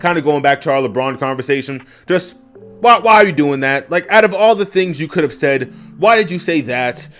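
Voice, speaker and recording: A man casually reviewing a wrestling show on his own, swearing freely, talking to his chat and breaking into loud yelled asides. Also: a little high, fairly quick, soft background music. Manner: animated, profane, addresses chat, bursts into loud yelled asides. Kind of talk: casual solo review rant.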